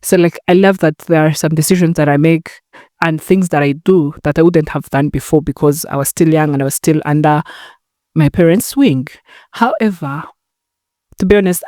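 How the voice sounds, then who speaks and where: A woman's voice: low voice, steady tone, normal speed, dark tone, no echo, clean studio sound. A young woman from Rwanda hosting a solo podcast, chatting in a rambling way while talking to a camera. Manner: chatty, rambling, acts out phone calls. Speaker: podcast host. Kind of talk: casual solo podcast chat.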